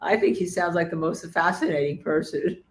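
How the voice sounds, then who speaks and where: A woman's voice: fairly low pitch, moderate pace. A woman co-hosting a casual chat about a court trial, speaking emphatically and restarting her sentences often. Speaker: legal commentator co-host.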